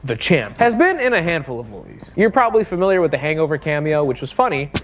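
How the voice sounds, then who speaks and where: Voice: mid-range voice, very animated, quick pace. A vlogger recapping a movie for comedy, sarcastic and profane, often laughing mid-sentence. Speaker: movie reviewer.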